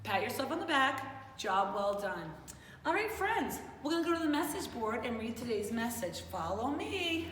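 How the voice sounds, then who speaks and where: Heard through a distant mic with roomy echo, faint ambience, and slight background noise, a woman teaches young children online. Her voice is a little high and a bit bright, very animated at a moderate pace, with a sing-song, coaxing, upbeat delivery.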